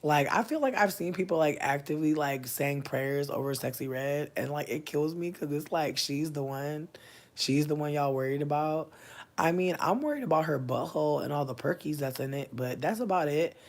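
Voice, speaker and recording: A woman in her thirties chatting casually on a livestream, answering viewers' comments, loud, profane and often laughing. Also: sits low, moderate pace. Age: 30s. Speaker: livestream host.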